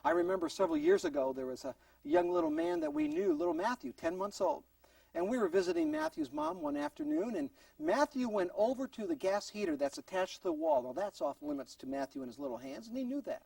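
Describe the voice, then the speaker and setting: A man with an extremely high-pitched voice, vocal fry and a darkish tone teaches a recorded parenting class in earnest, acting out short parent-child exchanges. The mic is distant, with no echo.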